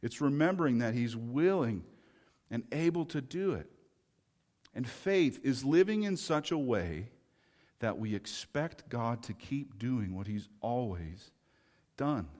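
A man's voice: mid-range voice, expressive, takes it slowly, a little mellow. Impassioned male preacher in a reverberant hall. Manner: impassioned, rhetorical questions, acts out quoted voices. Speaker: pastor. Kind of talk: sermon.

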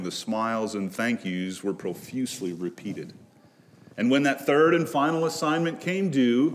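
A man pastor preaching a sermon in earnest, rising to loud pleas and dropping to hushed low lines. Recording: long reverb of a large hall.

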